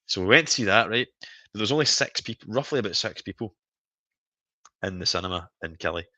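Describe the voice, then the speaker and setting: A man's voice: fairly low pitch, lively intonation, fairly quick, sharp tone, no echo. A Scottish man in his thirties hosting a casual live stream chat, telling stories animatedly and laughing often. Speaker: stream host.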